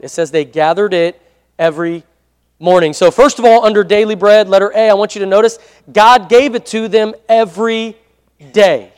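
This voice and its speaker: High-voiced man preaching in a hall. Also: clean tone. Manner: conversational preaching with frequent amen prompts. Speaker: pastor. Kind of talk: sermon. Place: church hall. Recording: long hall reverb.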